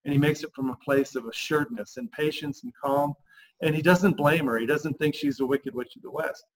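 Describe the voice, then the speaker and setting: A man coaching husbands on a podcast, emphatic and lively, acting out the lines he quotes. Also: on the high side, fairly quick, poor audio. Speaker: relationship coach.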